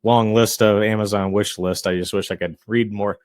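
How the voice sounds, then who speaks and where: Low-voiced man speaking in a dry room. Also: fairly even intonation, no echo. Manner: measured, self-described introvert, frequent "you know" fillers. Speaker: real estate investor and realtor guest. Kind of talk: casual podcast interview. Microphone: podcast microphone.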